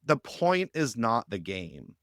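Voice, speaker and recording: A man speaking as a guest on a podcast interview, explaining ideas with lively anecdotes and acting out quoted lines. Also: mid-range voice, slow pace, dry recording, clean studio sound. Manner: animated storytelling, acts out quoted lines. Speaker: guest on a youth ministry podcast.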